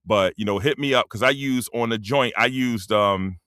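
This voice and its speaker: A man's voice: mid-range voice, moderate pace, sharp tone, clean tone, no room sound, clean studio sound. A man around fifty, talking bluntly and profanely in a rambling casual monologue as a streamer, full of slang. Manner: drops into dialect slang.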